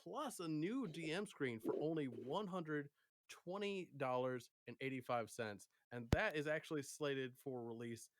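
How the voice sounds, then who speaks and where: A man co-hosting a casual podcast and game master, talking in a relaxed way with many fillers. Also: a little high, unhurried, a little hiss or hum. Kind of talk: casual chat about tabletop games.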